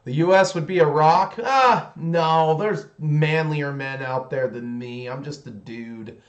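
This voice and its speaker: A man's voice: a little high, slow, highs cut off. A man hosting a hobby livestream in casual chat. He is rambling and blunt, with many restarts. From United States. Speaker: hobby channel host.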